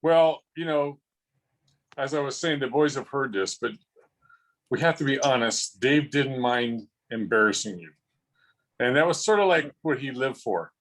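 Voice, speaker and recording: A man's voice: mid-range voice, animated, measured pace, rough recording. A man telling funny stories at a memorial over a video call, rambling and chuckling with frequent restarts. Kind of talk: casual storytelling.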